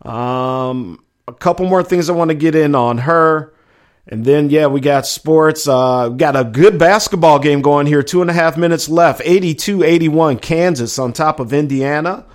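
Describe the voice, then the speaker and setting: A middle-aged man hosts a casual live talk show, reading out chat messages in a loose, chatty way. His fairly high voice moves at a measured pace, trailing off quietly before livening up for segment intros.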